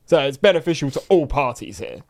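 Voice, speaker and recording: Excitable man hosting a quiz chat. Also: a little high. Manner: excitable, quick to shout when he wins. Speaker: podcast co-host. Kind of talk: casual chat, quiz game.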